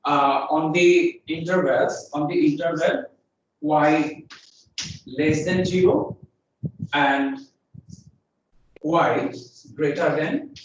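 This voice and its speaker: A man giving a university lecture to a class. He repeats his phrases, often says "I mean" and "uh", and keeps checking in with "is it okay? fine.". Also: high voice. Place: lecture room. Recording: very echoey room, speaker far from mic, faint noise.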